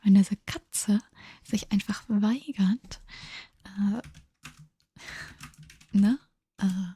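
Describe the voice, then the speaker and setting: A tired woman chats in a breathy whisper on an ASMR livestream, slow and unhurried. Her tone is dark and soft, and she moves easily between two languages. The sound is dry and close, with no room echo. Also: medium pitch. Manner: drowsy, chatty, switching between two languages. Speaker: ASMR streamer.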